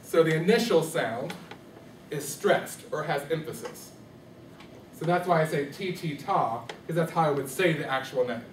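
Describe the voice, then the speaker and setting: A man's voice: on the high side, normal speed, far from the mic, a little hiss or hum. Man teaching rhythm in an echoey classroom. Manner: questioning, checks understanding often. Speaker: music teacher.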